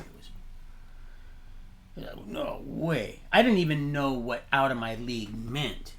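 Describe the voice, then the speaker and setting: A man hosting a livestream, rambling from topic to topic in an animated, preachy way and laughing at his own remarks. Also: medium pitch, moderate pace, a little hiss or hum. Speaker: livestream host.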